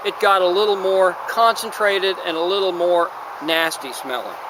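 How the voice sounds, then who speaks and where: A man's voice: high voice, normal speed, few pauses. Rambling man podcaster, noisy street. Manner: rambling, digressive, exasperated. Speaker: podcast host. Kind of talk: casual monologue podcast.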